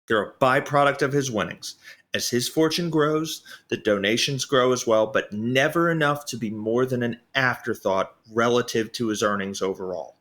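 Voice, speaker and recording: A man's voice: medium pitch, a bit bright. A man co-hosting a history podcast, reading a prepared script with sarcastic asides. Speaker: podcast co-host. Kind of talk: casual history podcast narration.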